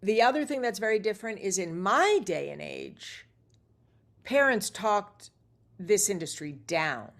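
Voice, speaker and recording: A middle-aged actress telling lively anecdotes as a guest, acting out the dialogue she quotes. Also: mid-range voice, measured pace, vocal fry. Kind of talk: casual interview storytelling.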